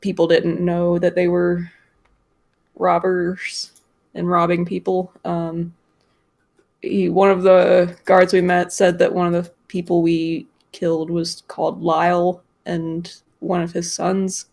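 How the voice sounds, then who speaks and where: Lady player explaining what happened, low voice, offhand. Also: monotone, takes it slowly, a little mellow. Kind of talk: casual game chat.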